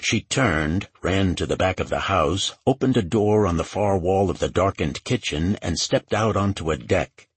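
Brief: male narrator, low and husky, measured thriller reading, dry close sound. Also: no echo. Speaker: audiobook narrator. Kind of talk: scripted narration.

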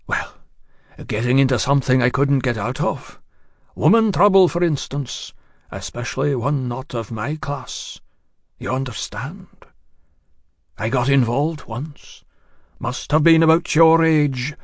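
A man narrating a story in the first person, in a measured, confiding way that speaks directly to the listener. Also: mid-range voice, no echo, studio quality.

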